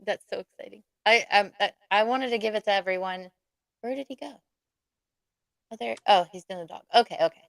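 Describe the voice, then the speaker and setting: A woman co-hosting a live podcast, chatting casually with quick laughs and self-deprecating asides. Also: mid-range voice, vocal fry, a bit bright, no room sound. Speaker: podcast co-host.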